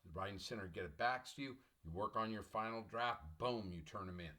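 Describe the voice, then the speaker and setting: A middle-aged man, a college English professor, lecturing an online class in an emphatic, repetitive, motivational way and clearing his throat often. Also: on the low side, a little fast, sharp tone.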